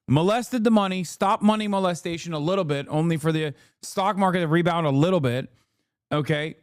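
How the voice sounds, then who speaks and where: A high-pitched man rants through casual political commentary with profane, sarcastic jabs. His voice is recorded dry and close. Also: moderate pace, dry recording. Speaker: streamer host.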